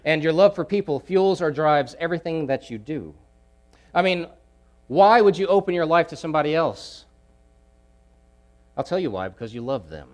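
A man preaching a sermon, emphatic, repeating key phrases and swinging between loud pushes and hushed asides. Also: fairly high pitch, lively intonation, normal speed, pauses often.

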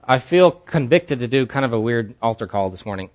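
A man's voice: medium pitch, lively intonation, fairly quick. A man preaching as a pastor at a church service, telling a candid personal story in an earnest way. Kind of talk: sermon.

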